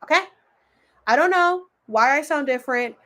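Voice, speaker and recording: A woman's voice: high-pitched, expressive, normal speed, fairly bright tone. A young woman from Florida with a slight Southern twang, chatting casually and rambling cheerfully as she wraps up her livestream. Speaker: livestream host.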